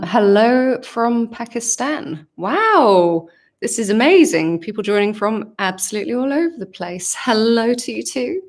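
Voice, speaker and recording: A woman with a southern English accent hosts a casual livestream Q&A from home. She speaks slowly and thoughtfully, stopping often with ums as she reads fan comments and answers them. Her voice sits at a mid pitch. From England. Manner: reflective, hesitant, many ums, reads comments aloud. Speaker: singer answering fan questions.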